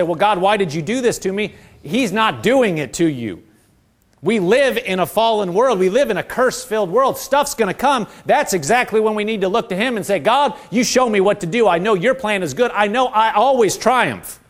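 A middle-aged pastor preaching a sermon in a fairly high voice. He quotes scripture and calls out to his congregation for answers. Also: expressive, normal speed. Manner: preaching with call-and-response, quoting scripture.

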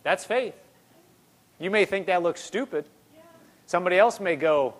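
A man's voice: high voice, expressive, slow pace, long pauses. A man preaching a conversational sermon, repeating phrases and rising into emphatic bursts.

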